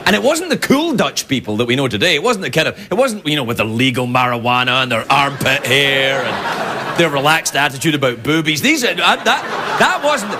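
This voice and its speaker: A middle-aged Scottish man, hosting a late-night talk show in a television studio with a live audience, delivers a rambling, playful comedic monologue and keeps interrupting himself. His medium-pitched voice is sing-song and fairly quick, with background noise.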